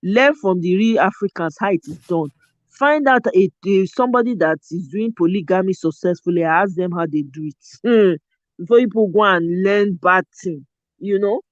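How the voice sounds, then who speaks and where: An animated Nigerian woman chats as a host, her accent strong and her delivery full of pidgin turns. The sound is dry and slightly muffled, like a low-fi setup. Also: normal speed, dry recording. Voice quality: animated, mixes pidgin and Yoruba phrases. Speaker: show host. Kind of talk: casual chat.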